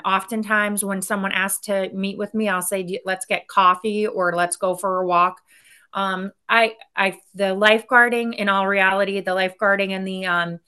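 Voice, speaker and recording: A woman speaking as an executive guest in a casual interview. Her voice is bright and forward. She talks candidly and energetically, in quick bursts that trail off. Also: mid-range voice, smooth.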